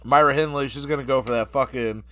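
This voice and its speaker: A man's voice: medium pitch, fast talker, a bit bright, dry recording. A laid-back man co-hosting a casual podcast, his mid-range voice dry and close. He narrates a crude play-by-play in an easy drawl. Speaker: podcast co-host.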